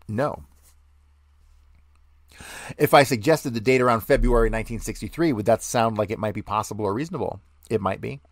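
A man reads old grand jury testimony aloud in a dry, close recording. His voice sits at an everyday middle pitch. He carries both the questions and the witness's long answers himself and keeps them in one voice. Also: no room sound. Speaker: podcast host. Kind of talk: reading aloud courtroom testimony.

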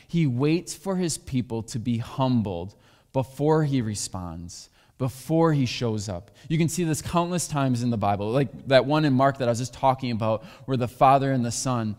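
In a church sanctuary with long hall reverb, a male pastor preaches a sermon, speaking candidly and sharing personal stories. His voice is medium in pitch and darkish in tone, delivered at a moderate pace.

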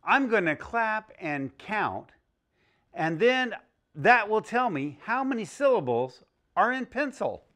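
A man teaching young children a phonics lesson, speaking slowly and clearly with an exaggerated teaching delivery. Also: sits high, very animated, fairly bright tone. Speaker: early-learning teacher.

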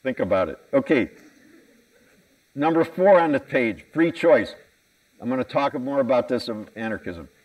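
A man's voice: medium pitch, lively intonation, normal speed, long pauses, darkish tone, far from the mic, low-quality recording. An American man giving a conference keynote talk, candid and self-mocking, asking the audience questions. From United States. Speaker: conference speaker. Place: conference hall stage.

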